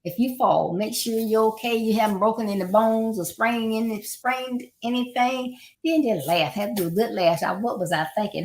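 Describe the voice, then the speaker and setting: A middle-aged woman hosting a podcast, giving casual motivational advice and repeating her points with encouraging asides. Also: on the high side. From Florida, United States.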